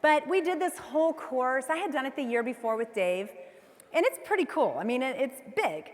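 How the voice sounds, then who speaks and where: A woman in her forties giving a motivational keynote speech, telling a personal story with animated delivery and acting out her own inner voice. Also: high-pitched, moderate pace. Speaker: keynote speaker. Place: large convention hall. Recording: long hall reverb from the PA.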